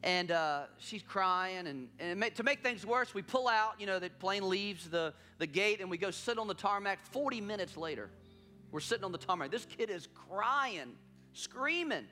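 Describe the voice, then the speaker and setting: A man's voice: sits high, expressive, moderate pace, pushed and bright, soft background music. A man preaching a sermon as pastor, telling a story with emphatic repetition.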